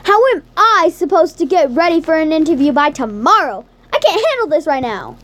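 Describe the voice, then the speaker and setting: A woman's voice: high voice, big pitch swings, fairly quick, a bit bright. A woman voicing a stressed, nervous teenage boy who is class president, anxious and self-deprecating.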